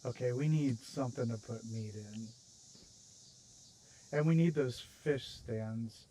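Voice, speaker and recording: A man's voice: medium pitch, slow pace, warm tone, a little hiss or hum, poor audio. An American man hosting a game livestream, chatting casually and rambling, with self-mocking jokes. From United States. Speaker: streamer host. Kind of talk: casual chat while building in a game.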